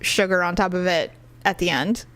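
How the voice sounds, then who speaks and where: A woman's voice: fairly low pitch, moderate pace, a bit bright, clean tone, no room sound. A middle-aged woman co-hosting a podcast, chatting casually, telling stories with quoted voices and frequent laughter. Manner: chatty storyteller, laughs often, acts out quotes. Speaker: podcast co-host. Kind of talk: casual chat.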